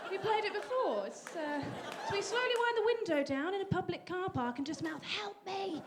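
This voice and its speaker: A young woman performs a stand-up set on a comedy stage, her voice sitting high. She talks in a dry, self-deprecating way, now and then jumping up into sudden high bursts. A live audience laughs loudly throughout. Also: lively intonation, fairly quick, over a noisy crowd, heavy background noise. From England.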